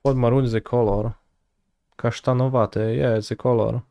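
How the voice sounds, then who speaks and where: A man's voice: medium pitch, fairly even intonation, normal speed, creaky, mellow, no echo. A man, a streamer thinking aloud and muttering words to himself while he works through a word puzzle. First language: Polish.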